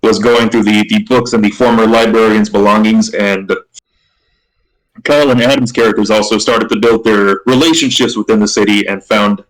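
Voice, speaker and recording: Male game master, low voice, loud and projecting, stops and restarts often. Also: steady tone, low-quality recording. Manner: halting, with many restarts. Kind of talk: narrating a tabletop game.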